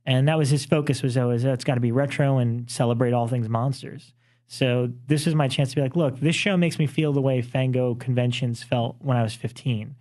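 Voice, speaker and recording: A man's voice: medium pitch, fairly even intonation, fairly quick, a little mellow. Chatty man, enthusiastic podcast co-host. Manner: chatty, enthusiastic, with frequent "uh" and "you know". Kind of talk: casual chat.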